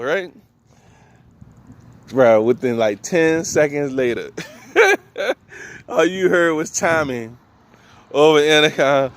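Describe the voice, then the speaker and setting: A man's voice: fairly high pitch, expressive, unhurried, long pauses. A man from New Orleans with a New Orleans accent, telling loose, slangy comic stories and laughing between lines. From New Orleans, USA. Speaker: comedian. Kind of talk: stand-up storytelling.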